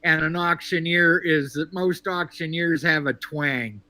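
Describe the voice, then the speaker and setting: Dry, bright-voiced male caller from Texas. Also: on the high side. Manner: measured, dry and wry, with frequent fillers. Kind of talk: casual sports call-in chat.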